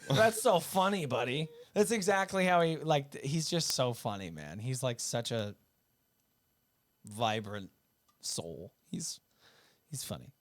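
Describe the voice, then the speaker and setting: A man's voice: mid-range voice, unhurried, pauses often, no echo. Laid-back storytelling man, swears freely. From upstate New York. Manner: laughs often, swears freely, relaxed. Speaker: guest musician. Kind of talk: casual storytelling.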